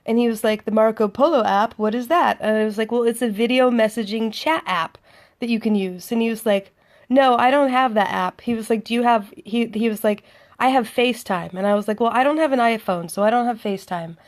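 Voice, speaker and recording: A woman's voice: a little high, fairly quick. A woman telling a dating story in a chatty, sardonic monologue, acting out both sides of the conversation. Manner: chatty, sardonic, acts out dialogue. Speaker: vlogger.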